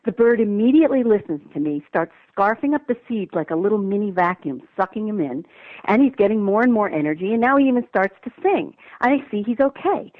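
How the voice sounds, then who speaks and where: A woman calls in to an interview, her voice thin and tinny down the phone line with no room echo. She tells her story with lively emphasis at a medium pitch. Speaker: guest author. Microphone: telephone.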